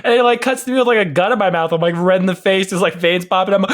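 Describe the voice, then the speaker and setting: A man's voice: high-pitched, fairly even intonation, racing, few pauses. Laid-back young man rambling in casual chat. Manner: rambling, laughs often, many fillers and restarts. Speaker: podcast co-host.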